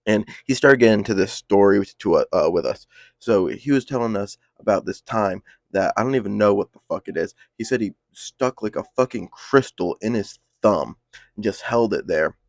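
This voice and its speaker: A man's voice: fairly low pitch, expressive, normal speed, creaky, dry recording, studio quality. A young man telling a casual story, full of slang and swearing, rambling along. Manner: profane, slang-heavy, rambling.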